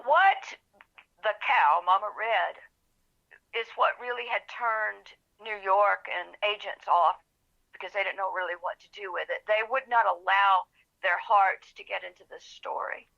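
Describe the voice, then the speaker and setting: A woman's voice: medium pitch, a little slow, vocal fry, lo-fi sound. A woman author, telling her story as a podcast guest and acting out the voices of the people in it. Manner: animated storyteller, acts out quoted voices, gets emotional. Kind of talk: storytelling in an interview.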